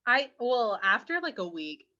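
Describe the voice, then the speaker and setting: Bright young woman, slightly dull mic. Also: a little high, very animated, measured pace. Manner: rambling anecdote-teller, many fillers. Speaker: podcast co-host. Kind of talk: casual podcast chat.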